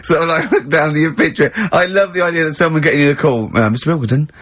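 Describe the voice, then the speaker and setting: A man hosting a radio show, chatting in casual banter and often breaking into high giggles. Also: quick pace, fairly bright tone, no echo. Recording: dull, slightly lo-fi studio audio.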